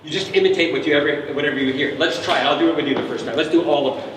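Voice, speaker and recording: A man's voice: a little high, racing, background noise. A man leading a family concert, playfully coaching the audience to make animal sounds on cue and imitating them himself. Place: large concert hall. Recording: echoey hall recorded from far off.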